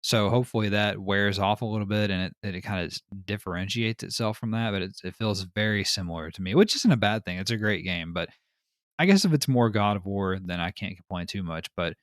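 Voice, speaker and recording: A man hosting a podcast, telling stories in casual chat with an animated, rambling manner. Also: lowish voice, no echo, clean studio sound. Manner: animated storyteller, frequent fillers. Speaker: podcast host.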